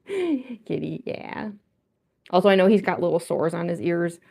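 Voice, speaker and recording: A woman artist chatting casually on a livestream while she draws at home, talkative and quick to giggle. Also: mid-range voice, expressive, vocal fry, mellow, husky. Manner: chatty and giggly, with frequent laughs.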